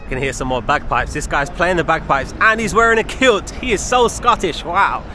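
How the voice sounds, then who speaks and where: Over music, a man with a fairly high-pitched voice speaks at a normal speed while filming a walking travel vlog on city streets outdoors. The vlogger is chatty and enthusiastic and keeps exclaiming at the sights around him.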